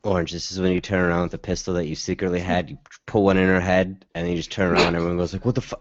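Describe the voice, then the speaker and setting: A man's voice: low-pitched, flat delivery, racing. A man playing a tabletop game, crude and joking. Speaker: player. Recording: muffled recording with loud noise.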